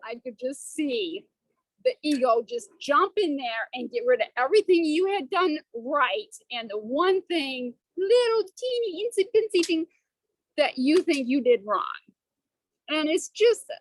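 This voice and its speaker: A woman's voice: high voice, dry recording, rough recording. A woman on a video call speaking tenderly and emotionally to encourage a friend in a study group.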